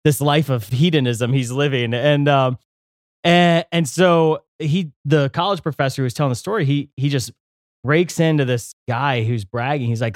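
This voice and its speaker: A young man co-hosting a faith podcast in a studio, telling stories in an animated way with many fillers and restarts. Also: medium pitch, moderate pace, dry recording. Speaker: podcast co-host.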